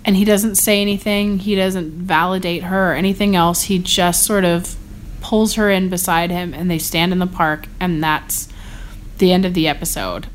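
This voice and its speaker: Young woman, slightly low voice, chatty podcast co-host, faint room ambience. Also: steady tone, normal speed, slight background noise. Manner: chatty, retells scenes with quoted voices. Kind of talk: casual chat. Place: bedroom, on a bed.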